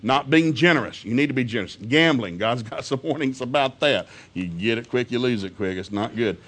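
A man's voice: mid-range voice, animated, fairly quick, fairly bright tone. Middle-aged man, preacher, folksy, humorous, storytelling, laughs a lot. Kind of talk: sermon.

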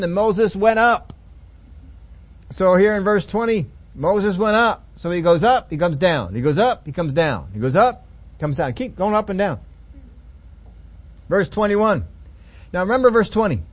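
High-voiced man preaching a folksy sermon. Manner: folksy, humorous storytelling with voiced asides. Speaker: pastor.

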